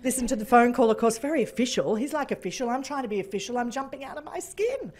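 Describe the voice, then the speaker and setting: A woman giving a keynote talk, telling a story with lively, animated delivery and acting out phone calls. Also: on the high side, fast. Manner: animated, acts out phone calls in different voices. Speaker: keynote speaker. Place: function room.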